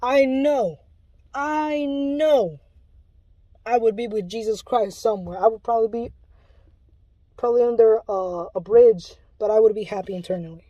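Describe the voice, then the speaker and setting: A woman's voice: fairly high pitch, normal speed, pauses often, mellow, dry recording, muffled recording. A woman giving an impassioned religious warning, pleading and urgent, often restarting her sentences.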